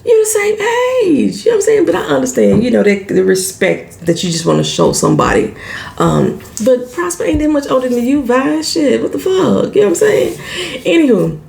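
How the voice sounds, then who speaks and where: Animated woman with gravelly fry. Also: a little high, moderate pace. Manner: animated and salty, swears freely, acts out lines. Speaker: TV show recap vlogger. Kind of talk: casual show recap.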